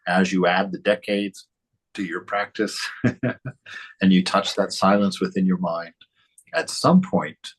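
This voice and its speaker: A man's voice: sits low, slightly rough, rough recording. A man teaching spirituality, reading from a devotional text and reflecting on it in a conversational way, often asking "right?". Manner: reflective, conversational, with frequent "right?" and "you know".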